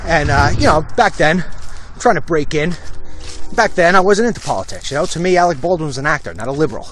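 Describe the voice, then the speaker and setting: A man from Long Island, New York hosts a walk-and-talk vlog outdoors, bluntly telling stories and acting out quotes. His voice is a little high, rapid-fire and a bit bright with lively intonation, over soft background music.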